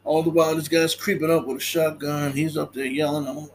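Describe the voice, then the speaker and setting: A man's voice: a little high, little pitch movement, a little fast, few pauses, a little hiss or hum. A man casually recapping a movie in a laid-back way, laughing often and acting out lines.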